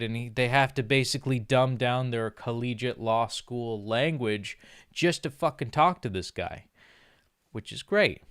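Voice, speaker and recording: A man's voice: medium pitch, clear, resonant tone, no room sound, studio quality. A young man ranting casually on a livestream, profane and sarcastic, and he mimics snobbish voices as he goes. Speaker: streamer.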